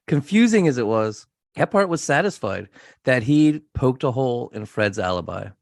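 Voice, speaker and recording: A man's voice: medium pitch, big pitch swings, measured pace, gravelly, a little mellow, no echo, clean studio sound. Casual man co-hosting a podcast. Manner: casual, chatty, jokes with co-host. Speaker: podcast co-host. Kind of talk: casual true crime podcast chat.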